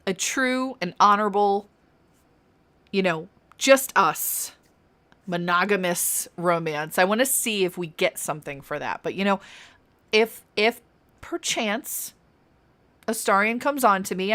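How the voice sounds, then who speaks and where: A young woman talks through her game stream in a casual, chatty way, giggling often and tossing out quick asides. Her voice sits at an ordinary middle pitch and comes through close on a desk mic. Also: fairly bright tone. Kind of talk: casual gameplay commentary.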